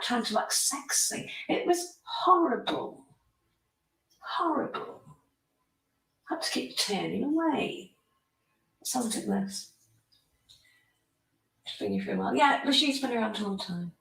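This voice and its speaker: Gravelly woman on a livestream. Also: medium pitch, fairly bright tone, far from the mic. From United Kingdom. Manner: opinionated, rambling, talks to chatters by name. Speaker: livestream host. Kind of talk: casual livestream chat reading comments. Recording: echoey room, voice away from mic.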